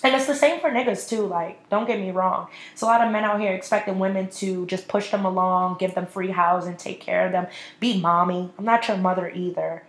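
A woman in her twenties hosts a solo podcast from an echoey room, ranting bluntly and swearing a lot. Her voice is medium in pitch and steady in tone, and she talks a little fast.

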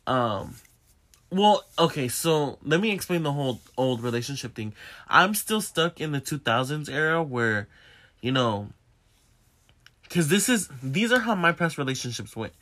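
A young man vlogging, telling a personal story in a candid, profane, animated way straight to his viewers. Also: a little high, measured pace. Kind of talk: casual confessional storytelling.

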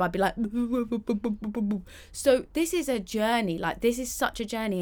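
A young woman hosting a solo podcast, chatty and candid, acting out quoted voices. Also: mid-range voice. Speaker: podcast host.

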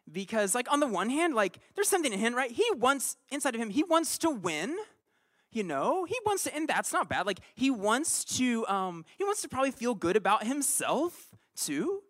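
A pastor with a high voice preaches a conversational sermon built around a personal story. He swings animatedly between quiet asides and loud bursts.

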